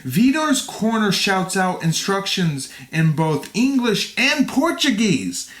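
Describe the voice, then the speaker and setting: A man's voice: sits high, very animated, slow, fairly bright tone, roomy sound. A man narrating a fight play-by-play for a podcast review, with jokes along the way. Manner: reads play-by-play, jokes and laughs. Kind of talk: narrating fight recap with banter.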